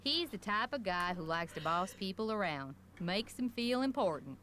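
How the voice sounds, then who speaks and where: A woman voicing a gossipy, grudge-holding small-town shopkeeper from a mystery video game, who talks in a folksy rural drawl with colorful slang. Her voice sits at a middling pitch, with faint background noise under it. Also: expressive, normal speed, fairly bright tone, natural voice. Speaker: general store owner.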